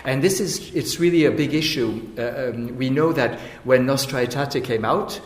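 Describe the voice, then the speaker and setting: A man's voice: medium pitch, moderate pace, reverberant. A man moderating a panel, asking probing questions in a hesitant way.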